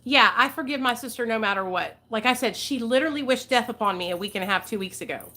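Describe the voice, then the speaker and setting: A candid woman hosting her own channel in a loose, rambling chat, cursing as she goes. Her voice sits a bit high and has a bright, forceful edge. She sounds like she is in her forties. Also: fast talker. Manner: candid, rambling, swears freely. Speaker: channel host. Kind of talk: casual livestream chat.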